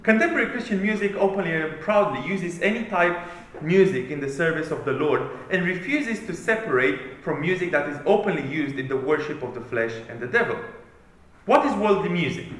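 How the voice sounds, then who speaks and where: A man's voice: fairly high pitch, a bit bright, slight background noise. A man preaching a sermon, reading with an emphatic, declamatory delivery. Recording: very echoey room.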